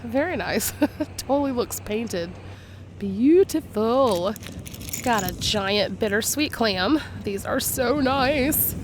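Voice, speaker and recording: A woman with a slightly hoarse sick voice, chatting casually and laughing often as she narrates a beach walk, admiring each find. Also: on the high side, expressive, takes it slowly, noisy background. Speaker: beach vlogger. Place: outdoors on a beach.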